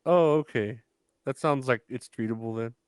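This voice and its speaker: A young man co-hosting a podcast in a relaxed, casual chat, hesitating often with fillers. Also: medium pitch, moderate pace, smooth, dry recording, clean studio sound. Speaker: podcast co-host.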